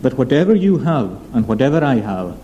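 A male pastor preaching a sermon in an earnest, measured way, slowing down on emphatic phrases. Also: mid-range voice, very animated, warm tone, dull audio.

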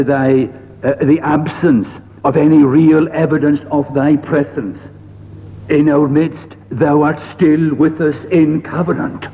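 A man preaching a sermon in a slow, measured way, pausing often and quoting old scripture phrasing, recorded in a church. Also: on the high side, warm tone, a little hiss or hum. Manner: slow, measured delivery with frequent "uh" pauses and archaic scripture phrasing. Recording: dull lo-fi recording in a reverberant hall.

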